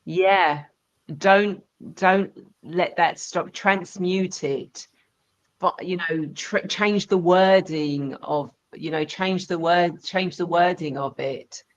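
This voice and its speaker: A woman co-hosting a live spiritual reading stream, speaking slowly and haltingly as she searches for words. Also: fairly low pitch. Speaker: psychic reader and co-host. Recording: muffled, dull audio.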